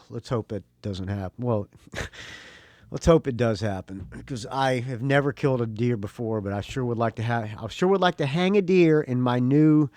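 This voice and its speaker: A man's voice: mid-range voice, a little mellow, dry recording, studio quality. A middle-aged man hosting his own podcast, talking casually in a rambling, joking way with lots of fillers and restarts. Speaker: podcast host. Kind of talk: casual solo podcast talk.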